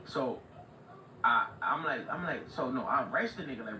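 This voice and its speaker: Man livestreaming a story, slangy and animated, set back from a muffled mic in an echoey room with noise and a TV behind. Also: medium pitch, moderate pace, far from the mic. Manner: animated street slang, repeats "like" and "right?". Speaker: livestream host telling a story. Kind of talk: casual storytelling.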